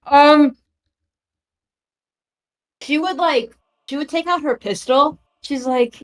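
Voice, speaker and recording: A woman's voice: high-pitched, takes it slowly, long pauses. A woman playing a tabletop game, bubbly and giggly while deciding her move. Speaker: player. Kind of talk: casual play at a tabletop game.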